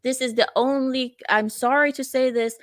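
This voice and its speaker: Woman ranting about a clip she's reacting to, kinda high voice, dry close mic, repeats herself a lot. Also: fairly even intonation, normal speed, no room sound. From not from the U.S. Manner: indignant, emphatic, repeats phrases. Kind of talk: opinionated reaction commentary.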